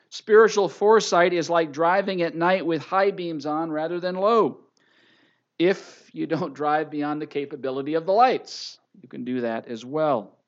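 A male pastor preaching with emphasis and repeating each scripture reference for his listeners. His voice sits fairly high, and the sound is dull and lo-fi. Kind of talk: sermon.

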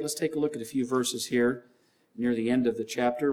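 A man's voice: medium pitch, steady tone, fairly quick. A male pastor delivering a sermon in an earnest way, often repeating key lines and scripture references. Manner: acts out shouting gym trainers with a louder voice.

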